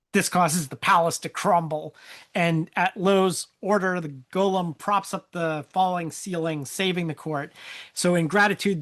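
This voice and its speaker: Co-host, casual plot recap, mid pitch, conversational, light laughter. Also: a bit bright. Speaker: podcast co-host.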